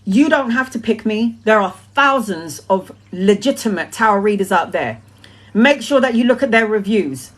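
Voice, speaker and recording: A woman's voice: medium pitch, expressive, normal speed. A woman in her forties, a tarot reader talking in a casual live-stream monologue, emphatic and repetitive, swearing freely as she talks. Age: 40s.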